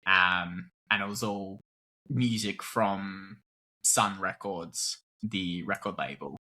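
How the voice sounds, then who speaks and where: A young Australian man and actor, chatting casually in an interview, easygoing and quick to laugh. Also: low-pitched, sharp tone. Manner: laughs often, easygoing, rambles. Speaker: actor, guest.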